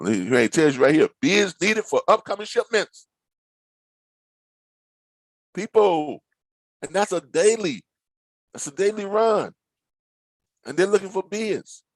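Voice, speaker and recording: A man teaching trucking logistics as he clicks through listings. His pitch leaps up and down as he jokes and teases his viewers. The mic is close and dry, with no room sound. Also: slow, long pauses, dry recording, rough recording. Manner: animated, playfully dramatic, teasing asides. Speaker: logistics trainer. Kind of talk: screen-share tutorial talk.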